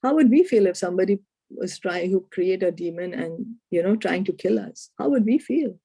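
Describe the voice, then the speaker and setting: Husky-voiced woman teaching scripture stories. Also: medium pitch, normal speed, dry recording. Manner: animated, rhetorical questions. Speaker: spiritual teacher. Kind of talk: scripture storytelling and discussion.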